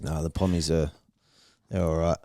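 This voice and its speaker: A man's voice: a bass voice, little pitch movement, moderate pace, mellow, dry recording. A young Australian man co-hosting a podcast, laid-back and swearing, laughing often in casual chat. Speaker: podcast co-host.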